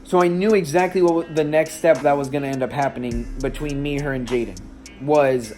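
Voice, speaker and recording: A man's voice: on the high side, steady tone, a little fast, a little mellow, faint music behind. A man telling a personal story in a casual vlog, shaken and emotional, with many restarts and fillers. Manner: rambling, with frequent restarts and fillers. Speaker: vlogger and stepdad.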